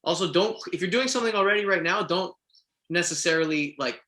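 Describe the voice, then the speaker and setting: A man from Quebec chats through an interview, giving earnest, encouraging advice. His voice sits a little high and sounds bright and forceful. He restarts his sentences often as he thinks aloud. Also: quick pace. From Quebec, Canada. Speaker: voice actor guest. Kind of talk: casual interview chat.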